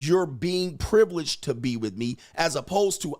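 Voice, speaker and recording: A man's voice: very animated, normal speed, hardly any pauses. A man giving dating advice in a blunt, emphatic monologue, swearing freely and acting out quoted lines. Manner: acts out quoted lines with rising pitch. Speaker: dating coach. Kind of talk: casual monologue.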